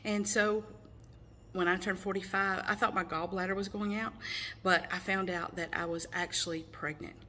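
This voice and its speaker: A woman in her forties with a lowish voice tells her own story straight to the camera. She speaks earnestly, with frequent ums and restarts, and a faint hiss of background noise sits under her voice. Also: fairly even intonation, normal speed, pushed and bright. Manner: earnest, storytelling with many fillers. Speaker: mother sharing her testimony. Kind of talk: personal testimony to camera.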